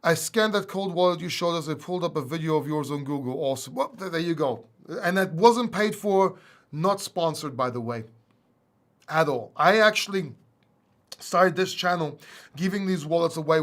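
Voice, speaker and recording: A man hosting a casual livestream Q&A, animated and blunt, firing off rhetorical questions and mocking what he dislikes. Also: on the high side. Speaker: crypto channel host.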